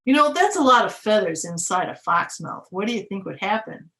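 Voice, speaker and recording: A young woman reading a picture book aloud to children, animated, with gasps, laughs and questions to her listeners. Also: mid-range voice, a little fast. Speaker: museum educator reading to children. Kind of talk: storytime read-aloud.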